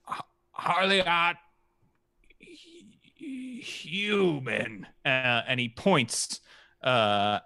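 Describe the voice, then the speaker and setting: A man running a tabletop game as game master, narrating slowly with lots of halting fillers. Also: medium pitch, sharp tone, smooth, no echo, studio quality. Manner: halting, many "uh" fillers, laughs easily.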